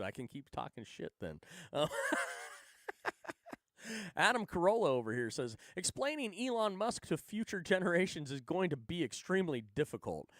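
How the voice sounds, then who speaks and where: A man hosting a live stream, reacting bluntly and sarcastically to posts with plenty of swearing. His voice swings widely in pitch as he rants. The sound is dry and close. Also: creaky, no echo. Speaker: livestream host. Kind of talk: ranting casual commentary.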